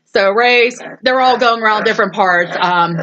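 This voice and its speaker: A woman's voice: medium pitch, moderate pace, muffled recording, crowd noise. A woman hosting a casual movie review, retelling scenes with frequent laughs and acting out the quoted lines. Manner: laughs often while talking. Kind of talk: casual movie recap chat.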